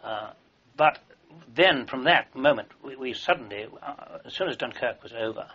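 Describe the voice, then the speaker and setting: Older man, bright tense voice, dull recording. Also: mid-range voice, expressive, moderate pace, slightly rough. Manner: rambling anecdotal storytelling with many fillers and restarts. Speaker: interviewee, army veteran. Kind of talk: oral history recollection.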